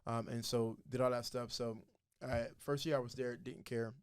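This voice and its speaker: A young man recounts his story with earnest, animated energy, jumping in and out of the voices of the people he describes. His voice sits in an ordinary middle register. It is recorded close and dry, with no room sound. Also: medium pitch, moderate pace, clear, resonant tone, no room sound. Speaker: podcast guest. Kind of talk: casual storytelling testimony.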